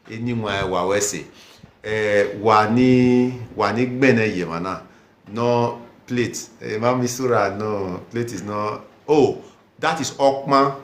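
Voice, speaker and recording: A man with a mid-range voice leads a language lesson at an unhurried pace. He says each word over and over for learners to copy and stops to read out viewers' comments. The room around him gives his voice a noticeable echo. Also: medium pitch, a bit bright, a little hiss or hum. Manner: slow, repeats words for learners to copy. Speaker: language teacher. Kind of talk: teaching a language lesson live.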